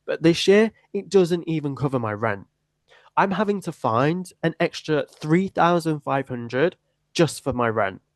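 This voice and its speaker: A man's voice: a little high, expressive, a little slow, no echo. An eighteen-year-old man, hosting a personal podcast in an earnest, emphatic, repetitive way. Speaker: podcast host.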